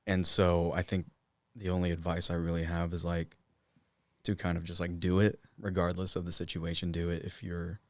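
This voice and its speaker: Young man, deep low voice, from the Cherokee Nation, voice actor guest, casual rambling talk, dry close sound. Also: level tone, moderate pace, dry recording. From Cherokee Nation, Oklahoma. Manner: loose, filler-heavy talk, many "like"s. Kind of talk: casual interview chat.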